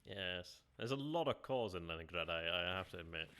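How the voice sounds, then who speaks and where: A man's voice: low voice, lively intonation, brisk, fairly bright tone, slight background noise. A man streaming a strategy game, thinking aloud, muttering and repeating himself as he reacts, now and then talking to his viewers. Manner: muttering, self-questioning, repeats phrases; chats with viewers between moves.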